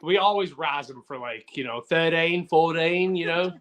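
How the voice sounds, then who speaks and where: A Canadian man chats on a comedy podcast, rambling through stories with plenty of fillers. His voice sits slightly high. He sounds relaxed and chatty. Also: a little fast. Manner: rambling, filler-heavy storytelling. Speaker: podcast co-host. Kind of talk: casual comedy podcast chat.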